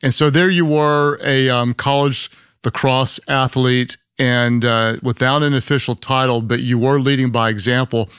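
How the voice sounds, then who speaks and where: A man's voice: medium pitch, fairly even intonation, moderate pace, fairly bright tone, clear, resonant tone, no room sound, studio quality. A man from Oklahoma with a Southern accent, hosting an interview and enthusiastically praising his guest. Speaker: podcast host. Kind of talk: interview host conversation.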